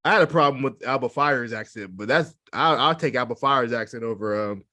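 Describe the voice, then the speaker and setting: A man co-hosting a wrestling podcast, chatting quickly with self-mocking jokes. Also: mid-range voice, bright, forceful tone, dry recording. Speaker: podcast co-host. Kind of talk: casual wrestling chat.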